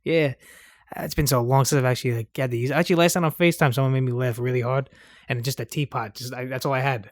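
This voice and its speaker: A man's voice: mid-range voice, steady tone, fast, dry recording. A man with a Boston accent chatting casually on a podcast, rambling and joking, often trailing off into filler words. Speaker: podcast co-host. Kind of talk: casual chat.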